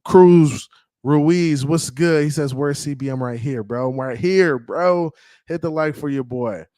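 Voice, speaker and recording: A man with a medium-pitched, slightly mellow voice and no room sound hosts a casual sports fan livestream. He reads chat messages aloud and greets viewers by name in hyped, slangy talk.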